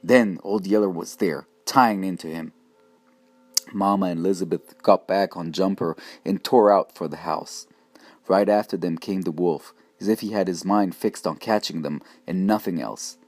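A man reading a first-person audiobook narration in a steady, measured voice. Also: low voice, no echo.

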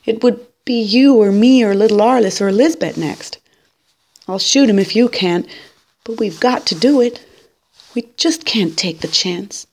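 A woman voicing a gentle frontier mother who speaks quietly and tearfully in a storybook reading. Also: on the low side, animated, a little slow, husky, exaggerated voice.

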